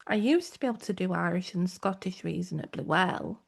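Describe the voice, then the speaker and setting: A woman's voice: lowish voice, lively intonation, fairly quick, vocal fry, slightly rough. A woman with a South Yorkshire accent, co-hosting a podcast in casual chat that wanders into tangents. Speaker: podcast co-host.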